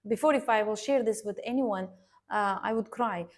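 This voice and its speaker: A woman earnestly recounting a personal story to her viewers, addressing them directly and pausing to restart her sentences. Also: mid-range voice. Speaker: vlogger sharing a personal story.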